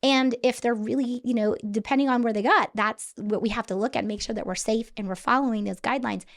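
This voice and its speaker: Woman, middle-aged, school headmaster, earnest explainer, slightly high voice. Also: steady tone, a little fast. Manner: earnest, explanatory, repeats words when restarting. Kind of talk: podcast interview.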